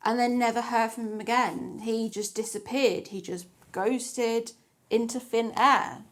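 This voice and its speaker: A young woman talks straight to her audience in a relaxed storytelling vlog. She is candid and dryly sarcastic and drops the odd swear word as she goes. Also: a little high, moderate pace. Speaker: dating vlogger. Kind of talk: casual storytelling to camera.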